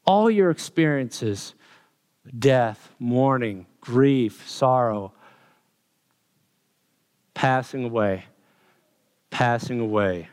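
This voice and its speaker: Slow, emphatic male preacher in a reverberant hall. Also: medium pitch, animated, darkish tone, smooth. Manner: emphatic, builds repeated lists of phrases. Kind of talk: sermon. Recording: long reverb of a large hall.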